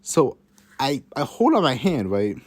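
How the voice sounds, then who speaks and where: A man's voice: mid-range voice, very animated, unhurried. A man telling a casual story to his viewers, rambling and repeating himself, laughing and swearing along the way.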